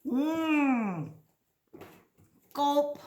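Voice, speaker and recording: A woman leads a children's speech lesson in a high, bouncy voice that swoops all over the place. She talks slowly and plays it up for young listeners. The room around her sounds roomy and echoey. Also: animated, a little mellow. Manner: sing-song, exaggerated and playful, speaking slowly to children.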